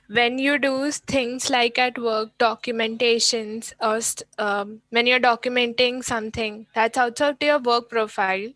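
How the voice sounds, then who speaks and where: A woman on a video call asking careful, halting questions of a mentor. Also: fairly high pitch, a bit bright, no echo, low-quality recording.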